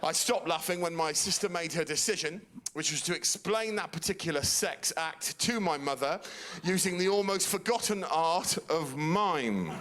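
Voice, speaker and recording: A man in his forties doing a stand-up routine, deadpan storytelling that builds to outraged shouts. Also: on the high side, moderate pace, hardly any pauses. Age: 40s. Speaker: stand-up comedian. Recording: noisy stand-up recording.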